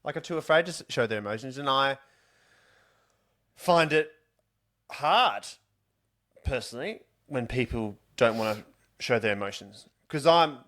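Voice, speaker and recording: A man co-hosts a podcast in casual conversation. He speaks hesitantly, stumbling on his words, with a lively, expressive pitch. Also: unhurried, pauses often. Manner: hesitant, chuckling, open about emotions. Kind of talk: casual chat.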